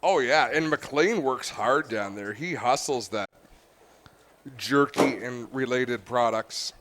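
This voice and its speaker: A man's voice: mid-range voice, slow, a bit bright, a little hiss or hum. A man announcing at a race track, joking and bantering with his co-hosts in casual booth commentary over a headset mic.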